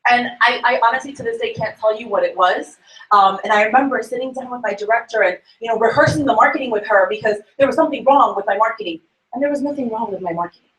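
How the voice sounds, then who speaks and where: A woman telling a sales story to a group. She talks in a lively way, acts out quoted voices and laughs often. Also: a little high, echoey room, poor audio. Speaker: sales consultant sharing a tip. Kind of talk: animated storytelling talk.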